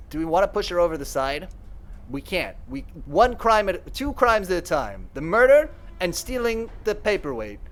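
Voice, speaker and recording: A young man streaming a narrative game live, chatting and thinking aloud in an animated way. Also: sits high. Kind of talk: live gameplay commentary.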